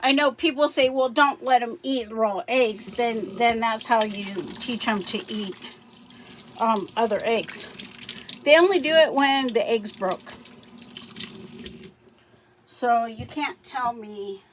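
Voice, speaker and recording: A woman's voice: a little high, takes it slowly, pauses often, slight background noise. A woman vlogging outdoors about her backyard chickens, chatting in a rambling way while doing chores and getting out of breath. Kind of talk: casual vlog.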